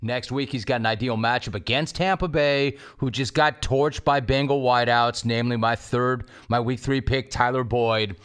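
A man at an ordinary mid pitch hosts a sports podcast. His delivery is smooth and confident, easy and conversational. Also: fairly even intonation, normal speed, hardly any pauses, fairly bright tone. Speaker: podcast host. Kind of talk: sports podcast hosting and ad read.

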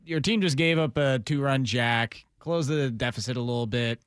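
A man's voice: mid-range voice, normal speed, fairly bright tone, smooth, no echo, studio quality. A man co-hosting a sports radio show, joking in a laid-back way. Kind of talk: casual sports radio banter.

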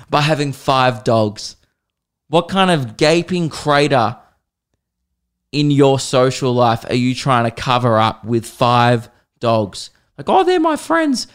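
Sarcastic, foul-mouthed comic podcast host. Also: male voice, mid-range voice, slow pace, smooth. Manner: crude, sarcastic ranting with frequent swearing. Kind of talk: comedic solo podcast monologue.

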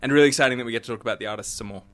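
A man's voice: mid-range voice, rapid-fire. A man co-hosting a radio music show, speaking thoughtfully with a joking streak. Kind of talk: casual radio chat.

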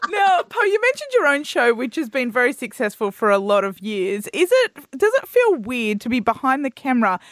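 A woman's voice: high voice, sing-song, brisk, few pauses, fairly bright tone, dry recording, clean studio sound. A woman co-hosting a radio show, asking questions and teasing her co-host. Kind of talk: casual radio banter.

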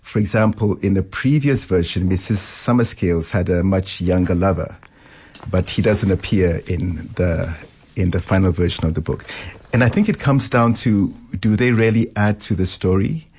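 A man's voice: sits low, normal speed, darkish tone, slightly rough. A man, a novelist, being interviewed on radio and answering thoughtfully about his writing. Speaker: novelist guest.

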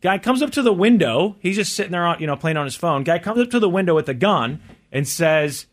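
A man co-hosting a talk show, telling a story in a quick, casual way and acting out the quotes. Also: high-pitched, animated. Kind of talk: casual chat.

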